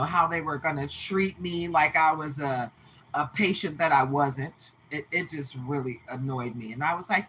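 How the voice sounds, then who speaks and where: A woman chatting on a live tarot stream, emphatic and talkative as she greets viewers by name. Her voice is bright and forward, with a husky, slightly breathy grain. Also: deep voice, poor audio. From Texas. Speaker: tarot reader livestreaming. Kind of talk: casual livestream chat.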